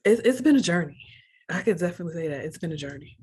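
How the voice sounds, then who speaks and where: A woman's voice: lowish voice, lively intonation, quick pace, a little mellow, breathy edge. A young woman, a podcast guest, telling a personal story in a candid, earnest way and repeating phrases when emotions rise.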